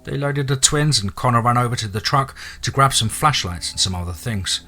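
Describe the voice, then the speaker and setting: A man narrating a horror story in a dramatic, steady audiobook reading. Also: medium pitch, fairly quick.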